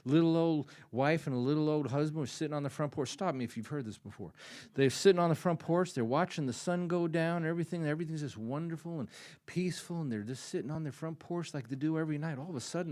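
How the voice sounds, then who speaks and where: A man talking from a small coffee-house stage in a folksy storytelling way, repeating phrases for emphasis and swinging between hushed and loud. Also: fairly high pitch, fast. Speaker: musician speaking from the stage. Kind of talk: folksy stage talk with a told joke.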